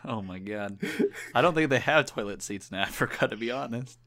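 Young dude on a call, dry jokes, voice goes up n down a lot. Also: male voice, medium pitch, animated, a little fast, sharp tone. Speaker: podcast co-host. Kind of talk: casual chat over a call.

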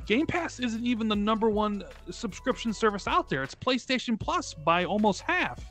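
Guy with a bright tense voice, rambly, lots of "like", faint music. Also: sits high, sing-song, moderate pace. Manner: rambling, lots of fillers, rhetorical questions. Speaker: podcast guest. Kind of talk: casual gaming chat.

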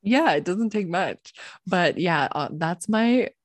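A woman with a low voice chats casually and animatedly, telling a story and slipping into other people's voices for the quotes. The recording is dry and close, with no room sound. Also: expressive, slow pace, dry recording. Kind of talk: casual chat.

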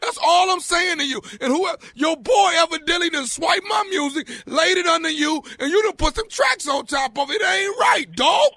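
A man putting on a shrill, furious street tough. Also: animated, normal speed, few pauses, dry recording, full character voice. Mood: indignant. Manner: shouting, stammering, hot-headed. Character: furious man accusing a rapper of stealing his beat. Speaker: prank caller.

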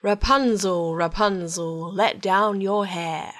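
A woman voicing a demanding older mother in a fairytale reading, calling out slowly in a sing-song way. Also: mid-range voice, fairly even intonation, a bit bright.

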